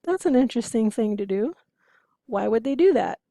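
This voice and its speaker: Female instructor, gravelly and mellow, dry close sound, chatty lecture delivery. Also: fairly high pitch, animated, normal speed, no room sound. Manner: conversational, explanatory, asks rhetorical questions. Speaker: interpreting instructor. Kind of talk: lecture to students.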